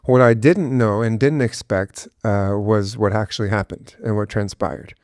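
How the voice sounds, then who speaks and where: A man's voice: lowish voice, fairly even intonation, moderate pace, darkish tone, no room sound, clean studio sound. A middle-aged man, a guest father, talking earnestly and emotionally about his son, with many restarts and fillers. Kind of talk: emotional personal interview.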